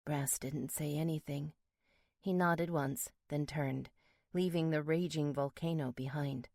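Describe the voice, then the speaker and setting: A woman narrating a first-person romance audiobook in a steady, measured way. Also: deep voice, no echo, clean studio sound.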